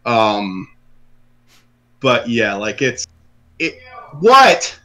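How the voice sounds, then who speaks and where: A man's voice: mid-range voice, normal speed, fairly bright tone. A man in an unscripted podcast conversation about movies, with a mid-range voice. He rambles, restarts his sentences and fills the gaps with ums. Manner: rambling, many fillers and restarts. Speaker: podcast co-host. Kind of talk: casual movie discussion.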